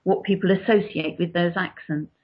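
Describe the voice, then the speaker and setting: A woman with a southern English accent answers interview questions at measured length, explaining each point with care. Her voice is fairly low for a woman. The sound is dull and lo-fi. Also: steady tone. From England. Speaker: author. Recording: dull lo-fi recording.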